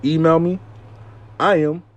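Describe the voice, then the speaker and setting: A host and storyteller with a slightly high voice speaks at a measured pace through a recording with the highs cut off. His casual storytime is animated and profane, peppered with the repeated line "I lie to you not."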